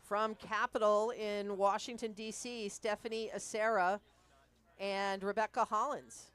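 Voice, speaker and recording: A woman commentating a rowing race live, briskly reading out the crews, their clubs and backgrounds. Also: mid-range voice, level tone, fairly bright tone, smooth.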